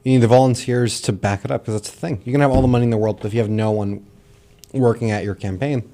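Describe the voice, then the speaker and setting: A man co-hosts a political talk show, chiming in casually to agree with the host. His voice is mellow and somewhat dark. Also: mid-range voice, steady tone, fast talker.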